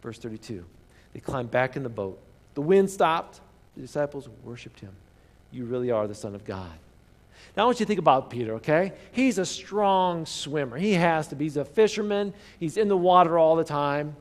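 A man preaching a sermon as pastor, telling the story with animated emphasis, dropping to hushed asides and asking the congregation rhetorical questions. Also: a little high, moderate pace, in a large hall.

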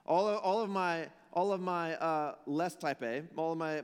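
A man preaching a sermon as pastor, swinging from shouted lines to hushed ones and acting out the people he quotes. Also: a little high, normal speed, few pauses, smooth, big-room sound.

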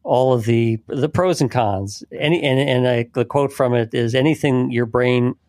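A man's voice: mid-range voice, normal speed, darkish tone, no room sound, studio quality. Hesitant Boston-accented male co-host. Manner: hesitant, stammering restarts. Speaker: co-host advisor. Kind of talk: casual podcast chat.

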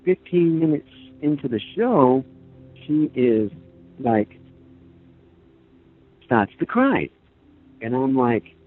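A middle-aged man, a grandparent, telling his story on a phone interview, halting with many fillers and acting out what others said. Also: medium pitch, very animated. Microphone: phone call. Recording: tinny phone line, faint music.

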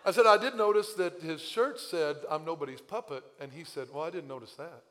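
Male pastor, slightly high voice, storytelling sermon in a long-reverb church hall, voice a bit worn. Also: brisk, noisy background. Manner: storytelling, animated asides and laughs. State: recovering voice, slightly strained. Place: church sanctuary.

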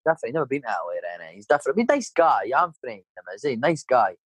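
A man's voice: mid-range voice, sing-song, racing, husky, no echo, poor audio. A Scottish man in his thirties, a painter and decorator, telling a rambling story in casual chat and filling it with "mate" and "you know". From Scotland.

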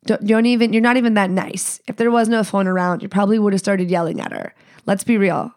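A woman hosting a podcast, talking in a casual, blunt and profane monologue and mimicking other people in a higher voice. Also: fast, a little mellow. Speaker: podcast host.

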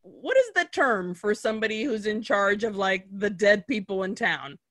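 A woman's voice: mid-range voice, normal speed. A woman co-hosting a podcast, recapping a film in casual chat, acting out lines and swearing freely. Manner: animated storytelling, acts out characters' lines; swears casually, laughs often. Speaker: podcast co-host.

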